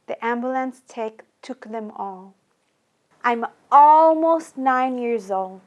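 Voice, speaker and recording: Woman, high voice, unhurried theatrical monologue, speaking as a child. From Iran. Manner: speaks as her child self, repetitive and plaintive. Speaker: storyteller. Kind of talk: theatrical first-person monologue.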